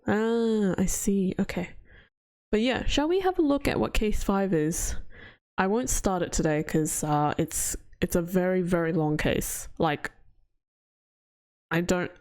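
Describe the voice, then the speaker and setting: A woman's voice: on the low side, lively intonation, unhurried, a little mellow. A woman streaming a game, chatting casually with frequent laughs and a chatty, rambling manner. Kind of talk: casual livestream chat.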